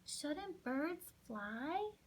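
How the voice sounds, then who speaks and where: A woman's voice: sits high, lively intonation, slow, fairly bright tone, exaggerated voice, rough recording. A woman voicing a timid, worried young female penguin chick in a children's storybook reading. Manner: hesitant, worried.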